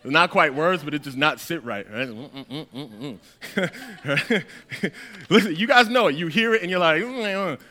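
Bright-voiced preacher joking with his flock. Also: a little high, quick pace, hardly any pauses. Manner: conversational and playful with the congregation. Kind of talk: sermon. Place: church hall.

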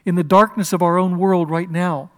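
A male pastor preaching an impassioned sermon at a church service, swinging from loud declarations to hushed whispers. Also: high voice, steady tone, normal speed.

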